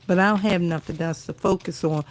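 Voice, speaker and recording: A woman hosting a crafting livestream, gushing and teary as she talks warmly to her viewers, repeating exclamations and calling them y'all. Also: on the low side, fairly even intonation, a little fast, slight background noise. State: teary, near crying. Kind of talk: emotional casual livestream chat. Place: indoors at home.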